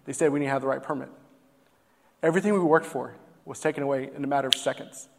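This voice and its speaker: A man's voice: medium pitch, fairly even intonation, fast, creaky. A young man from Texas, a barbecue business owner, earnestly telling a heartfelt personal story on stage with plenty of fillers. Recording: long hall reverb.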